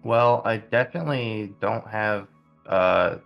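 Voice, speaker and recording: Man, tabletop player, low voice, gravelly, faint music. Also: slow, lo-fi sound. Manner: brief, easygoing replies. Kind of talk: playing a tabletop game.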